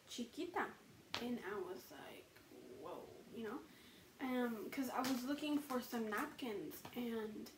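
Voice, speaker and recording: A woman's voice: a little high, a little mellow, distant mic, slight background noise. Chatty young woman telling a story, echoey room. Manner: chatty, frequent "you know" and "like", swearing. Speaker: vlogger. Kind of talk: casual storytime vlog.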